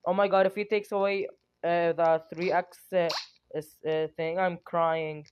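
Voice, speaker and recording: A young adult streamer giving excited gameplay commentary, giggling, squealing and talking dramatically to themselves. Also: medium pitch, unhurried, muffled recording, a little hiss or hum.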